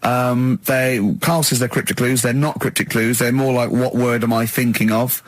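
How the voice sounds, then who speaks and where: A man's voice: medium pitch, little pitch movement, no echo, rough recording. A male radio host in casual banter, mocking and teasing, speaking into a studio microphone. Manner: mocking and teasing, quick to needle.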